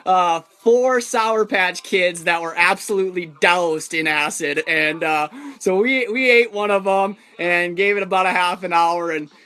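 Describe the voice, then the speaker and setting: A man's voice: high-pitched, unhurried, bright, forceful tone, smooth. A man casually telling a story about his own travels, rambling with lots of fillers and chuckles.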